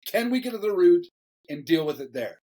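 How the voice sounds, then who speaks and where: A man, a pastor, telling a story in a casual interview, animated, often repeating words and laughing as he talks. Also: sits high, fairly quick, low-quality recording.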